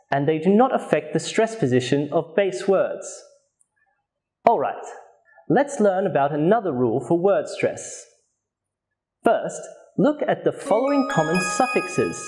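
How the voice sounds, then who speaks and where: A man's voice: on the high side, a little mellow. A man presenting a scripted English pronunciation lesson, speaking carefully and modelling words for learners to repeat. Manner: slow, careful, clearly articulated, models words for repetition. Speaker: pronunciation teacher.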